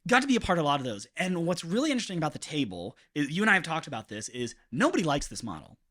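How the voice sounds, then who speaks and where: A man's voice: a little high, big pitch swings, very fast, bright, forceful tone. A man as a podcast guest, chatting casually with joking, teasing asides. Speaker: podcast guest, fellow worship leader.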